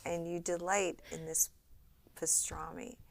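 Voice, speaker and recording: A woman's voice: on the low side, little pitch movement, a little slow, gravelly. A woman improvising a story on a podcast in a playful, giggly way, trailing off now and then.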